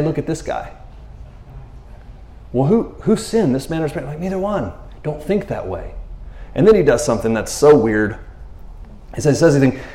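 Male preacher, casual rambling sermon, talks like he's chatting, fairly high voice, roomy echo. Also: darkish tone. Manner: rambling, chatty, keeps asking "you know what I mean".

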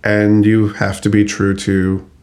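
A man's voice: on the low side, completely flat delivery, takes it slowly, a little mellow. A man co-hosting a podcast, talking in a loose, chuckly way and correcting himself as he goes. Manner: conversational, chuckly, self-correcting. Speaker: podcast co-host. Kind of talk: casual chat.

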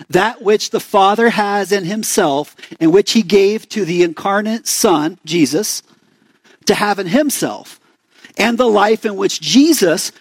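A young male pastor with an Arizona accent delivers a relaxed, conversational sermon, frequently posing questions to the congregation. His voice is fairly high for a man, and the recording is dry and close with little room sound.

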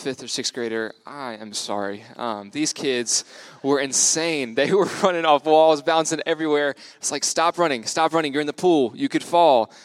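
With a slightly high voice, clean and free of echo, a young American church speaker in his 20s delivers a relaxed, story-driven sermon. He stays upbeat, pokes fun at himself, and laughs a lot.

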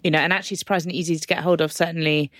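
A woman with a low, dry-sounding voice talks about recipes with warm enthusiasm. She is casual and a little self-deprecating. She sounds like a food writer who has come on as a podcast guest. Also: little pitch movement, racing, no echo.

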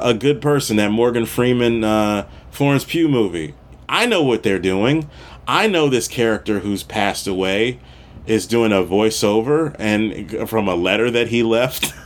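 A middle-aged man hosting a podcast, talking casually on his own in a rambling way, with restarts and asides. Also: medium pitch. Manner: rambling, conversational, frequent restarts and asides, occasional profanity. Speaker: podcast host. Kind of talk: casual solo monologue.

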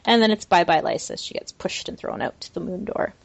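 A woman hosting a casual podcast chat, breezy and quick to laugh, running the segments. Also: fairly low pitch, animated, vocal fry, no echo. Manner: breezy, laughing, runs the show. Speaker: podcast host.

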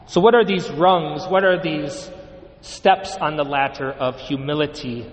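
A priest giving an earnest, emphatic sermon with measured pauses, in a church. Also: male voice, a little high, fairly even intonation, in a large hall, low-quality recording.

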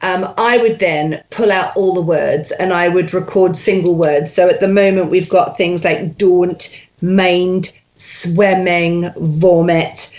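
A woman dialect coach explaining accent work in a measured way, with many fillers. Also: fairly low pitch, darkish tone.

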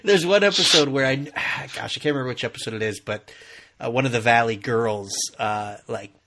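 A man's voice: medium pitch, fairly quick, pushed and bright. A man hosting a podcast, chatting casually and laughing often about a TV show. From US Midwest. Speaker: podcast host. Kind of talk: casual chat.

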